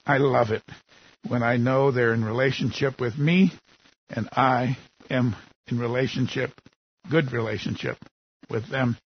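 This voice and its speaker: Older male preacher, husky, mid-pitched, earnest sermon delivery, lo-fi sound. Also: steady tone, unhurried, long pauses. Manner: earnest, warm pastoral delivery with rhetorical questions. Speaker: pastor. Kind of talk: sermon with opening prayer.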